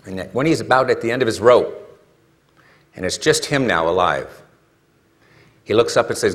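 A man's voice: lowish voice, lively intonation, moderate pace, long pauses, a bit bright. A man preaching a sermon in a conversational way, asking the listeners rhetorical questions and rising to emphatic peaks. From California.

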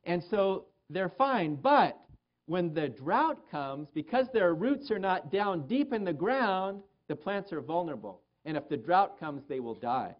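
A man's voice: sits high, sing-song, unhurried, lo-fi sound. A man preaching a sermon to his church, acting out prayers in a small whiny voice. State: pain in both feet. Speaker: pastor.

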